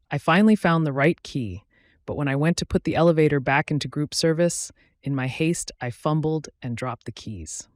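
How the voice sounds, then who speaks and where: A man reading first-person stories aloud as scripted narration, in a steady, matter-of-fact way. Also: medium pitch, no room sound, studio quality. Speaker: story narrator.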